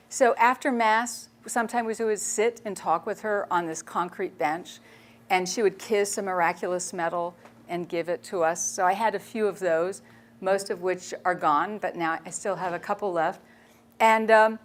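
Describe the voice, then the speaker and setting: A woman photojournalist giving a public talk. She tells stories in a chatty, animated way and laughs often. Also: medium pitch, normal speed. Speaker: speaker, photojournalist.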